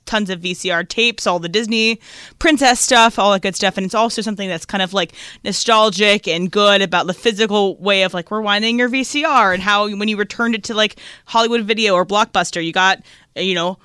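Female co-host, chatty and casual, bright clear tone, dry mic. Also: mid-range voice, brisk, no room sound. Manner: chatty, filler-heavy. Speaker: radio co-host. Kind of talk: casual show chat.

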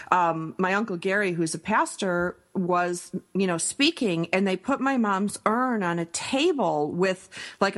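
A woman from a small town in northern New York, telling funny stories in casual chat as a guest on a radio talk show, animated and quick to giggle. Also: fairly low pitch. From small town in northern New York State. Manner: animated, giggly, self-deprecating storyteller.

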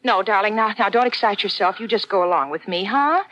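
A woman's voice: medium pitch, a little fast, fairly bright tone, lo-fi sound, close to an everyday voice. An actress playing an anxious, doting young woman who also narrates, in a 1940s radio comedy. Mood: fretful. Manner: fretful, doting.

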